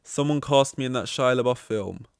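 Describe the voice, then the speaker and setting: A man's voice: medium pitch, moderate pace, creaky, clean tone, dry recording, clean studio sound. A man hosting a solo podcast, rambling and self-deprecating, swearing as he acts out awkward conversations. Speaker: podcast host.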